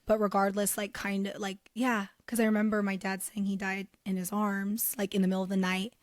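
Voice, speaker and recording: A woman's voice: mid-range voice, level tone, fairly quick, no room sound, studio quality. A woman co-hosting a faith podcast, speaking in a supportive and reflective way. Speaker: podcast co-host. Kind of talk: casual chat.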